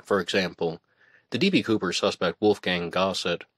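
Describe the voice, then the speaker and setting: A man's voice: sits low, normal speed, a bit bright, no echo, clean studio sound. A man hosting a solo podcast, musing aloud in a casual, conversational way with some hesitations. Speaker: podcast host.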